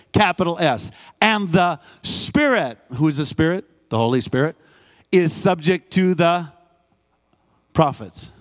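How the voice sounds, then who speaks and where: Male guest preacher, higher pitch, emphatic live sermon in a church. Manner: emphatic, call-and-response, repeats phrases. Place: church sanctuary.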